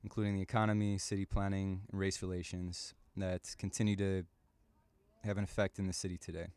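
A man from the Chicago area giving a measured, prepared talk on the radio, with occasional fillers and self-corrections. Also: low-pitched, level tone, a little mellow, clean tone, no room sound. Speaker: radio presenter and publisher.

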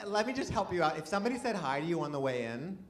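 Performing stand-up live, a man with a highish voice and big pitch swings talks fast in a rambling, self-deprecating way, frequently restarting his sentences. Audience laughter rings through the room, with a faint crowd in the background.

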